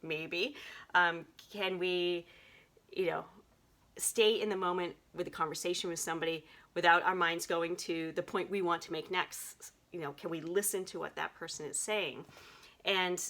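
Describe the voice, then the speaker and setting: A middle-aged woman hosting a self-help video, talking reflectively with gentle, musing delivery and many fillers. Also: lowish voice, fairly even intonation, moderate pace. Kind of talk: reflective talk to camera.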